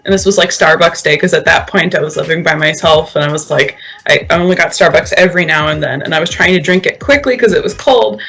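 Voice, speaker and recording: A woman's voice: low-pitched, quick pace, hardly any pauses, a bit bright, husky. A woman teacher telling a funny classroom story in a chatty way, often laughing at herself. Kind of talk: casual game show chat.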